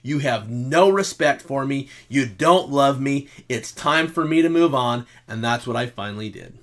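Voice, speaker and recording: A middle-aged man giving blunt relationship advice as the host of his own videos, speaking straight to the listener and moving from loud outbursts to quiet resignation. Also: mid-range voice, expressive, moderate pace. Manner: lecturing, direct address to the listener; swings between shouting reenactments and quiet resignation. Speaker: self-help video host.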